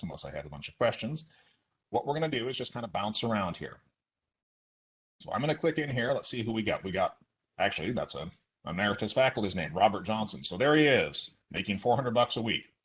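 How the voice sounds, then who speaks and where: Husky low-voiced man explaining a demo. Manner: brisk, explanatory, with asides. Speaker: instructor presenting a teaching simulation. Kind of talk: online webinar walkthrough.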